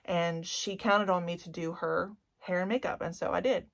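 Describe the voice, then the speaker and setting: A woman's voice: lowish voice, steady tone, normal speed, vocal fry. A woman in her forties with a Cajun Louisiana accent, chatting candidly and gushing emotionally as a beauty vlogger. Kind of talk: candid vlog chat.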